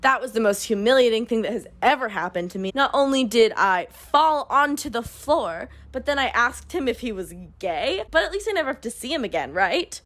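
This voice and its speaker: A woman's voice: a little high, lively intonation, brisk, few pauses, a bit bright. A woman putting on the voice of a naive, awkward young female college student who talks in a breathless, gushing way. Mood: flustered.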